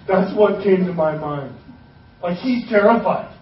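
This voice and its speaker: A man's voice: high voice, expressive, takes it slowly, pauses often, recorded from a distance, a little hiss or hum. A man preaching a sermon as pastor, casual and joking as he retells scripture in his own words. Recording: echoey hall, voice from off-mic, dull sound.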